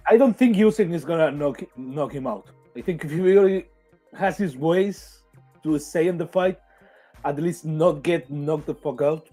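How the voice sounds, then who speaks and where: A man giving halting, hesitant boxing analysis as a panelist. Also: a little high, dark tone, faint music behind. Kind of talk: casual boxing panel chat.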